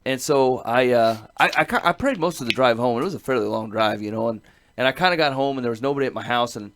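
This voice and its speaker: A man's voice: medium pitch, fast, fairly bright tone. Earnest rambling middle-aged man. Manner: earnest, rambling storytelling with frequent laughs. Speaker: podcast host. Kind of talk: casual chat.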